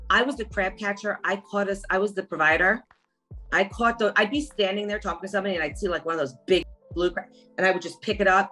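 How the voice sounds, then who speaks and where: A middle-aged woman talking as an interview guest, chatty and animated, packing her stories with "like". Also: medium pitch, poor audio. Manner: chatty, animated storytelling, lots of "like". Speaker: interview guest, former reality show contestant. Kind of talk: casual interview chat.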